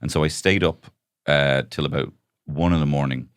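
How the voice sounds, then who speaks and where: A man's voice: rumbling low, normal speed, clear, resonant tone, dry recording, clean studio sound. A young man co-hosting a podcast, joking wryly in casual chat. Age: young adult. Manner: wry, joking, deadpan asides. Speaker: podcast co-host.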